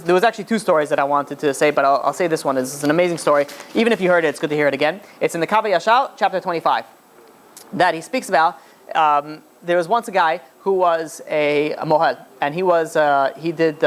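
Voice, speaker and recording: Rabbi guy telling a story, fast, keeps restarting, animated. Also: a little high. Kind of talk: storytelling lecture.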